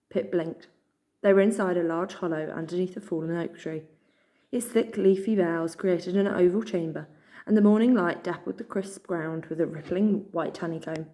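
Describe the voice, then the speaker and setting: A woman reads a children's novel aloud, pacing her storytelling in a measured way. Her voice sits low and sounds mellow and warm. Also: steady tone. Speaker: reader.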